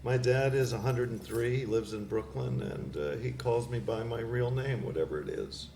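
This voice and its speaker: A middle-aged man, a poet guest, chatting casually in a wry, rambling way with a gravelly voice. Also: medium pitch, normal speed, darkish tone. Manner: wry, rambling storyteller with laughs. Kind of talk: casual chat. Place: community cable studio. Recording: roomy studio with faint hiss.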